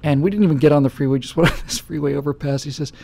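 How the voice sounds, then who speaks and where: Male host, middle-aged, very gravelly and husky, casual rambling chat. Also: fairly high pitch, steady tone, racing, dark tone. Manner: rambling storytelling with many fillers. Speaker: show host. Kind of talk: casual talk-show chat.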